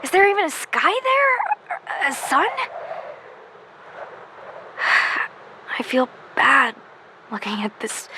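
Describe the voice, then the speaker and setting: A woman's voice: high voice, noisy background. A woman voicing a hot-tempered, lonely teen girl fire master, chatting in a voice-note monologue and answering her own questions. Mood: sad.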